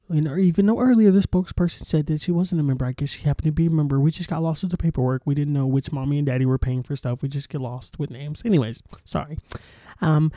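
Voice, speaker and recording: Man, casual reaction vlog, blunt and profane, keeps clearing his throat, mellow tone, dry sound. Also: on the high side, fast, no echo. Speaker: commentary vlogger.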